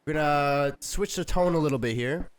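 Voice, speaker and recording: A young man hosting a casual podcast, slangy and quick to agree with the others. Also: fairly high pitch. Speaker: podcast host. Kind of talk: casual chat.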